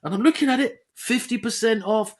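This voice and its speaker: A man's voice: extremely high pitch, a little fast. A young man, telling a story animatedly and with lots of swearing as a podcast co-host. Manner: animated, swearing, jumps into quoted voices. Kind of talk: casual storytelling chat.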